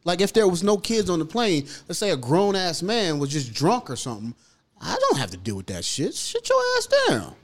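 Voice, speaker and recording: A man's voice: on the high side, big pitch swings, a little fast. Argumentative man, casual chat. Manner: argumentative, profane. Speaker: podcast co-host.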